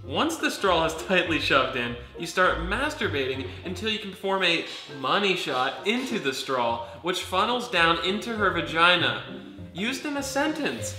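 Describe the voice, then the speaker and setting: A man's voice: sits high, very animated, normal speed, bright, forceful tone. A man in casual comedic chat, playfully reading out slang terms and teasing his friend. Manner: playful, teasing, reads text aloud. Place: home room with dogs. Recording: echoey room with faint music.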